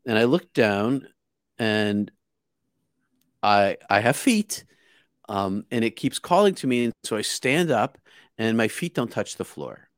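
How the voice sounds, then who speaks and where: A man's voice: fairly low pitch, lively intonation, a little slow, pauses often, no echo, clean studio sound. A man from outside Boston tells a personal story in an earnest, vivid way, restarting and repeating words as he goes. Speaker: guest. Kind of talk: casual spoken storytelling.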